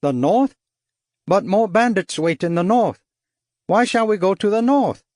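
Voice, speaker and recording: An eager, jubilant jungle guide, voiced by a male audiobook narrator, pitched well above his own voice. He speaks in formal, halting sentences and leaps all over his range. The sound is dry and close. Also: lively intonation, a little mellow, no room sound. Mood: alarmed. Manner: exclaiming, halting formal speech. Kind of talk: audiobook character voice.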